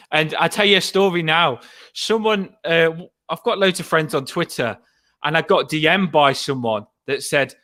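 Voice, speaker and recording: A man hosting a fan podcast, excitable and rambling, still shaky with adrenaline after a match. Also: fairly high pitch. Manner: breathless, excitable, rambling with laughs.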